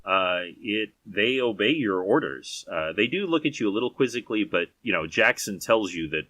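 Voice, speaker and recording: A man's voice: fairly low pitch, expressive, normal speed, sharp tone, no room sound. A man narrating as game master of a tabletop game, descriptive, with frequent fillers and restarts.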